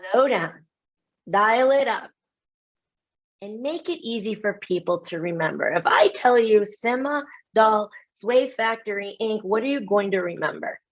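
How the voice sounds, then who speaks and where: An animated American woman speaks as a keynote speaker in a webinar, self-mocking and quick with her asides. The audio is slightly dull and lo-fi, the kind typical of an online talk. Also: medium pitch. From United States.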